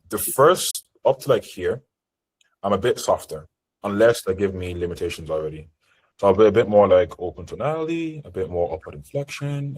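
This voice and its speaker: Low, husky-voiced man coaching sales. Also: a little mellow, rough recording. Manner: direct, assertive coaching talk. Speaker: sales trainer. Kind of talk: live seminar teaching. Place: online group call.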